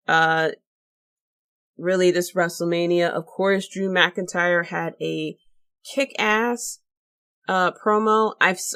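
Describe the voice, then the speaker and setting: A woman's voice: fairly low pitch, fairly bright tone, clear, resonant tone. A woman hosting her own podcast, talking casually in a chatty, rambling way with lots of fillers and restarts. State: tired, late at night. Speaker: podcast host. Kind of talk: casual solo podcast talk.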